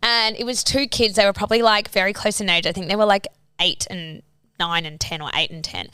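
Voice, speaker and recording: A woman, a podcast co-host telling stories in a casual, sweary, animated way and acting out the voices of the people in them. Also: medium pitch, a little fast, smooth, dry recording. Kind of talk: casual storytelling chat.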